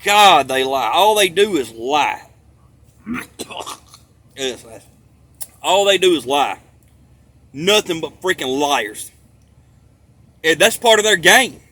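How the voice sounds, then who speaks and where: Guy ranting to the camera, high bright voice, swears a lot and says stuff twice for emphasis. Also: lively intonation, slow, long pauses. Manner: emphatic, profane, repeats himself for stress. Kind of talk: rambling monologue to camera.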